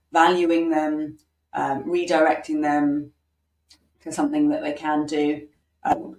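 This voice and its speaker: A woman with a low voice coaches parents in an informal online workshop. She talks in a loose, conversational way, full of ums, and slips into example phrases meant for children. Her voice sounds roomy and a little distant from the microphone. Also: darkish tone.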